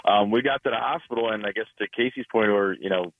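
A male caller with a lowish voice rambles through his story quickly, full of fillers. The sound is thin and phone-like. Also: a little hiss or hum. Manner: rambling, fast, lots of fillers. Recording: tinny phone line.

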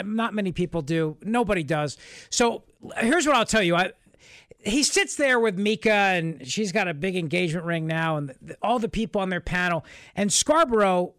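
A man's voice: sits high, a bit bright, no echo. A man hosting a political talk radio show, speaking in an emphatic, repetitive, sarcastic monologue from a radio studio. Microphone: studio microphone.

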